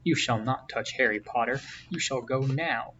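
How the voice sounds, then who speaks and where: A man reading aloud, voicing an eager male house-elf in a high, pleading voice. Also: normal speed, bright, forceful tone, natural voice. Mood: fierce. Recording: distant, dull, faint hiss.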